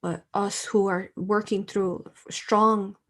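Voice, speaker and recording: A woman hosting a live spiritual talk, speaking with emotion, soft laughs and frequent fillers like "okay" and "you know". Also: mid-range voice, level tone, slow pace. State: tearful.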